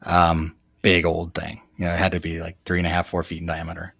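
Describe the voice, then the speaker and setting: A man in his thirties, a new father, telling a personal story in a reflective, halting way with many fillers. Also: deep voice, completely flat delivery, gravelly, a bit bright, no echo, studio quality. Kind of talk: casual storytelling.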